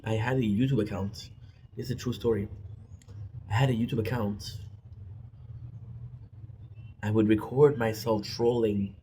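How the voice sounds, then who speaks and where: Male vlogger, native French speaker, low and warm, candid confessional delivery with faint background noise. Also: rough recording. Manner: candid, repetitive, says "right?" often. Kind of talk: confessional monologue. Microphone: self-recorded.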